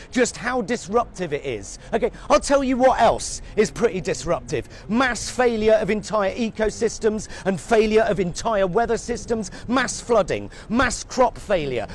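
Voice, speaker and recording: A man's voice: sits high, slight background noise. A middle-aged British man ranting sarcastically as a satirical news reporter, swearing freely and sounding exasperated, outdoors at a street protest. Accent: British English. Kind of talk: scripted satirical rant to camera.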